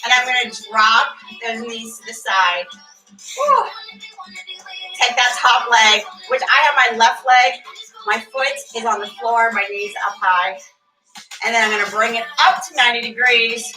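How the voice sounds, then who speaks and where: A woman's voice: a little high, a little slow, bright, forceful tone. A female fitness instructor leading a barre workout class, cueing moves, counting reps and chatting with class members by name. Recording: echoey room, voice from far off, faint music.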